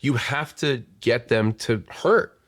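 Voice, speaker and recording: A man's voice: mid-range voice, slow pace, no echo. Chatty man with a dry close sound. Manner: rambling, lots of restarts and "like" fillers. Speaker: podcast host and sales coach. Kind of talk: casual conversational interview.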